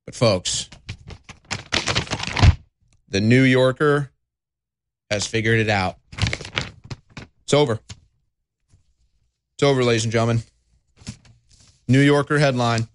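A man hosting a talk radio show, mocking and sarcastic with dramatic pauses. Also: mid-range voice, a little hiss or hum. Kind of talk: talk radio monologue and call-in.

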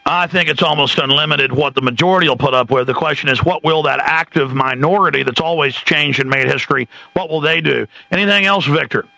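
A man hosting a call-in radio talk show, brisk and emphatic, at times sarcastic. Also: a little high, creaky, bright, forceful tone, dry recording, poor audio.

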